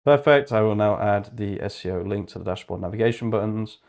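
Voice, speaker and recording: Lowish-voiced young man streaming his coding. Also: a little fast, vocal fry. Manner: chatty, swears freely, thinks aloud; reads code notes aloud in a flat murmur. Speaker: livestreamer. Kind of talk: casual livestream chat while coding.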